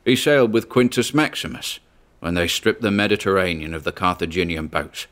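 A man voicing a gruff old male sailor ghost who talks in a laconic, folksy drawl. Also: deep voice, expressive, brisk, a bit bright.

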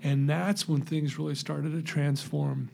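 A man telling his recovery story in an interview, earnest and animated, acting out the voices in his story. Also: a little high, unhurried, vocal fry, a little hiss or hum.

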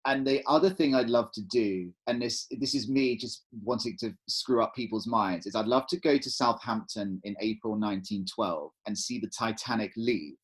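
Husky man chatting. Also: lowish voice, moderate pace, few pauses. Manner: animated, rambling storyteller. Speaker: podcast co-host. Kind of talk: casual chat.

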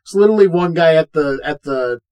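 Fairly high-pitched and talking a bit quickly, this man co-hosts a podcast where he loosely runs through a film's plot. His retelling is lively, and he voices quotes from the scenes himself.

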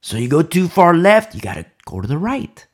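Man, preacher, lively swooping pitch, emphatic repetition, Bible sermon. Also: brisk. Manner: emphatic, repeats key phrases for emphasis.

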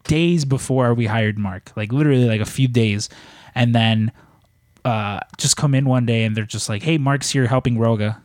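A man's voice: medium pitch, moderate pace, darkish tone, dry recording, clean studio sound. A man co-hosting a podcast, talking casually with lots of fillers and long run-on intros. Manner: rambling, filler-heavy intros. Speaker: podcast co-host.

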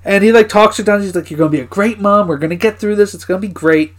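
A man's voice: high-pitched, fast. A man co-hosting a podcast who casually recaps episodes, laughing often and swearing now and then. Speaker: podcast co-host.

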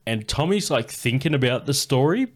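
A man's voice: mid-range voice, animated, moderate pace. A man hosting a comedy podcast, telling stories in a laid-back, sweary way with frequent laughter. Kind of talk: casual storytelling chat.

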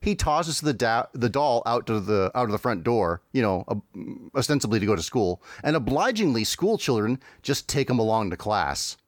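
A man's voice: mid-range voice, very animated, normal speed, few pauses, no echo. A man co-hosting a casual podcast, recapping cartoons with dry jokes and frequent laughs. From Canada. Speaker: podcast co-host. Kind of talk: casual chat, summarizing cartoons.

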